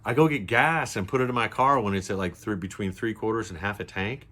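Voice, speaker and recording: A man's voice: fairly low pitch, a little fast, sharp tone. An older man talking casually to his viewers, blunt and chatty, often checking that they follow along. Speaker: preparedness vlogger. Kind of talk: casual to-camera talk.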